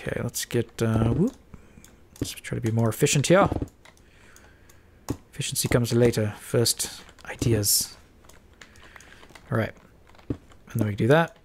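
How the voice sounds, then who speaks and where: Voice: mid-range voice, normal speed, pauses often, a little hiss or hum. A stuffed-up player mumbling and thinking aloud while building in a block game. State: stuffed-up nose. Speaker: Minecraft let's-player. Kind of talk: casual building commentary.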